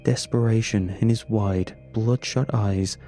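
A man tells a first-person horror story in a slow, measured, grim way. His voice sits low and dark, with faint music underneath. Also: fairly even intonation. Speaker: narrator.

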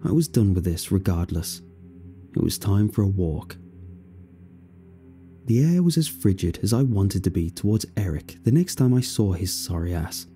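A man's voice: deep voice, expressive, moderate pace, dark tone, faint music behind. A man in his fifties narrating a first-person story in a brooding, world-weary way.

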